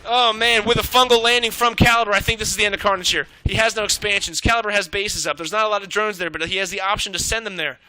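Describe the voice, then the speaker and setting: A man shoutcasting a live strategy game match, excitable and swearing freely as he calls the action. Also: high-pitched, dry recording, poor audio. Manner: excitable, swearing, rapid reactions. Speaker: esports shoutcaster. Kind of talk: live play-by-play game commentary.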